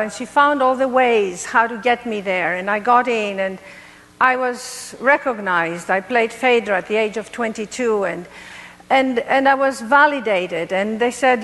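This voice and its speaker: A middle-aged woman from Greece with a Greek accent, telling her life story to an audience in an animated, playful way. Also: on the high side, normal speed, long reverb tail. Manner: animated, playful, laughs at herself. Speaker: motivational speaker.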